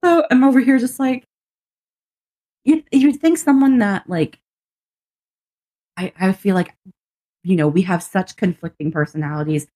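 A woman of medium pitch speaks unhurriedly with long pauses on a dry recording. She's a podcast co-host telling a personal story in casual chat, an animated storyteller who acts out both sides of each exchange, laughs often, and swears casually.

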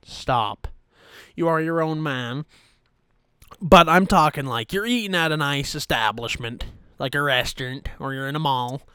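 A man's voice: fairly high pitch, a little slow, sharp tone, clear, resonant tone, no echo, clean studio sound. Foul-mouthed ranting young man. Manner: profane, exasperated, mock-furious. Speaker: YouTuber ranting to camera. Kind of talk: angry comedic rant.

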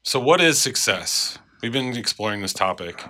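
Stuffed-up, bright-voiced podcast man. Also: medium pitch, animated, moderate pace. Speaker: podcast co-host. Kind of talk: casual podcast chat.

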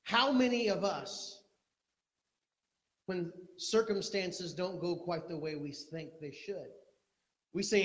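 A man with a high voice preaches a sermon with emphatic, dramatic swings between loud urgency and low intensity, acting out the people in his story. His voice rings out in a reverberant room, like a church sanctuary. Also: slow pace, long pauses. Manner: acts out quoted speech. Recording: echoey room.

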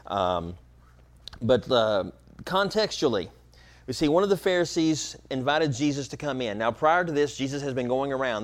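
A man's voice: mid-range voice, lively intonation, moderate pace. A middle-aged man preaching a conversational sermon as pastor, explaining at an easy pace with many fillers and restarts.

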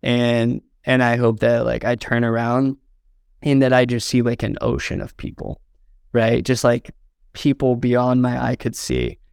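Young guy from indiana telling a story, gravelly but smooth, dry close sound. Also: medium pitch, measured pace, darkish tone, no echo. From southern Indiana, US. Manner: earnest, fills with "like" and "um", gets choked up. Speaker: interview guest, videographer. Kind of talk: heartfelt storytelling in a podcast interview.

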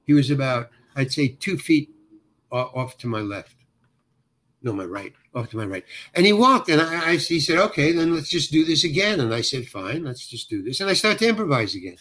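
A man's voice: on the high side, lively intonation, moderate pace, fairly bright tone. An older man, a guest actor, telling a long anecdote in conversation. He often restarts and corrects himself as he talks. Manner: rambling, self-correcting storyteller with frequent restarts.

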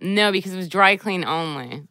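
A woman in casual chat, telling an embarrassing story with laughs and loud acted-out quotes of herself. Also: lowish voice, animated, normal speed, no echo. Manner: laughs through an embarrassing story, acts out her own quotes loudly.

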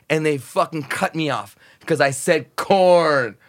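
Pitched on the high side, he speaks at a measured pace with hardly a pause. As a satellite radio host visiting a podcast, he shares casual, foul-mouthed stories in an interview format, lively and voicing the crowds and crews he describes.

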